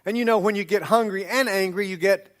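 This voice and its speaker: A man's voice: sits high, fairly even intonation, fairly bright tone. A man pastor preaching a sermon in a church, conversational, stretching out key words and restarting sentences. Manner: conversational, drawn-out emphatic words, frequent restarts. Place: church sanctuary.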